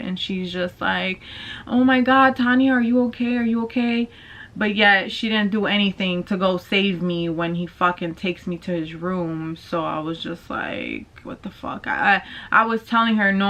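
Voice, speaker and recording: A woman's voice: on the low side, bright, forceful tone. A young woman telling a personal storytime vlog, casual and candid, with plenty of slang and swearing. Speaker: vlogger. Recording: dull lo-fi sound.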